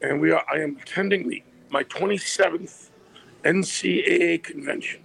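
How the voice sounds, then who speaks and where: Hoarse male caller, high and very gravelly, casual phone chat outdoors, light traffic noise. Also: moderate pace, fairly bright tone. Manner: chatty, restarts often. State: hoarse, losing his voice. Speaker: athletic director calling in. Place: outdoors by a busy street.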